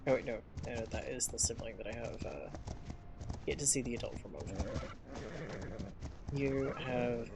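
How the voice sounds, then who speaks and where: A man's voice: medium pitch, normal speed, long pauses, noisy background. A man streaming a game, chatting casually and thinking aloud as he plays. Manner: rambling, thinking aloud while playing. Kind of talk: casual live gameplay commentary.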